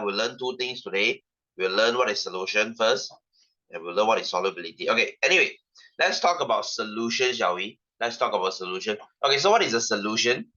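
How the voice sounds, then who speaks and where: A young man with a Malaysian English accent, teaching science in a casual online class. His voice sits low but sounds bright and forceful, and he talks in a chatty way, repeating himself and checking in with his students. The audio is dull and lo-fi.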